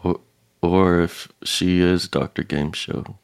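A man co-hosting a comedy podcast game show, joking in a slow, deadpan, goofy way. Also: deep voice, vocal fry, smooth. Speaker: podcast co-host. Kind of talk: casual comedic chat.

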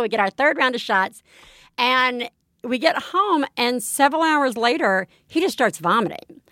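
A woman co-hosting a podcast in casual chat, telling a story with lively acted-out quotes. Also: fairly high pitch, normal speed, no echo, clean studio sound. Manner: animated storytelling, acts out quotes. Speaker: podcast co-host.

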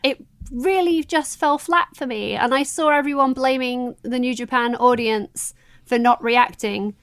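A woman's voice: fairly high pitch, unhurried, clean tone, dry recording. A woman co-hosting a podcast, chatting animatedly and laughing easily. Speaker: podcast co-host. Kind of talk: casual wrestling chat.

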